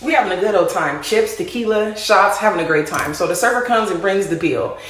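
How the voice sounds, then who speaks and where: A woman casually telling a story to her viewers, animated and speaking to them as y'all. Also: medium pitch, fairly quick. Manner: animated, addresses listeners as y'all. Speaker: storyteller in a played clip. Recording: roomy echo.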